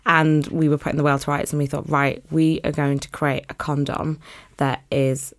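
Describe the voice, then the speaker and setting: A woman's voice: sits low, level tone, moderate pace. A young woman guest on a podcast, chatting casually and upbeat about her company, laughing now and then. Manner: upbeat, laughs often, many fillers. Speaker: podcast guest, condom brand co-founder. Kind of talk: casual interview chat.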